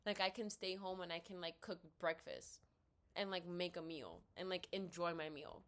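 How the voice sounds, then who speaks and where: A young woman rants about her life into a laptop mic, her voice sitting a touch low. She is blunt and profane, and she acts out her own lines and the other person's in quick back-and-forth. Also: fairly even intonation, fairly bright tone. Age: young adult. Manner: blunt, swears freely, quotes herself and others in quick dialogue. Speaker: vlogger. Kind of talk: casual storytelling rant. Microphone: laptop built-in mic.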